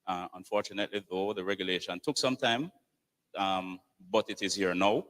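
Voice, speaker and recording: A man on a panel answers an audience question in a hesitant way, repeating words and filling pauses. His voice sits somewhat low. Long reverb from a conference hall surrounds him. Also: fairly even intonation, a bit bright, distant mic. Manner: hesitant, many fillers and repeats. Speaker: police commissioner.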